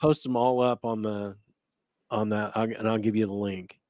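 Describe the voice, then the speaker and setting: Man, paranormal co-host, casual chat, halting restarts, dry close sound. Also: lowish voice, steady tone, a little mellow, no echo. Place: home studio, live stream.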